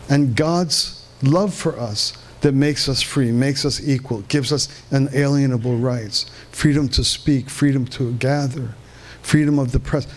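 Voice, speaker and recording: A man giving a live lecture to an audience at a conference in a hall, halting and restarting often as he asks the room questions. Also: mid-range voice. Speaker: conference speaker. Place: veterans hall, indoors.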